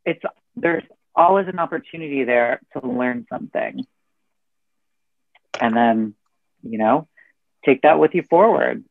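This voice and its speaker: A man co-hosting a casual podcast over a remote call, speaking briefly and plainly, halting and restarting as he goes. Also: mid-range voice, animated, creaky, dry recording. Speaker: podcast co-host. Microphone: remote call with a poor connection. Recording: tinny phone-like call line.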